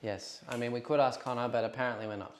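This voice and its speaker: An easygoing, agreeable man chats through a tabletop wargame. He reads rules aloud in a middle-pitched voice and goes along with his friends' jokes. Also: steady tone, quick pace, reverberant. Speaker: wargaming player and host. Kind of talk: casual tabletop game chat.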